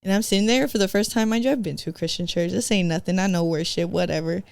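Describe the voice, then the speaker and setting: A woman's voice: on the low side, quick pace, creaky, no echo. A woman from San Diego, a podcast guest, telling her own story in a slangy, casual way that is full of "like" and "bro". She acts out her past self and slips in Spanish phrases. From San Diego, California.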